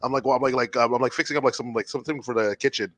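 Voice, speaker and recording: A man's voice: mid-range voice, fairly even intonation, rapid-fire, a bit bright, no room sound. A man co-hosting a casual live-stream chat, telling a wild story with lots of swearing and laughter. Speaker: podcast co-host.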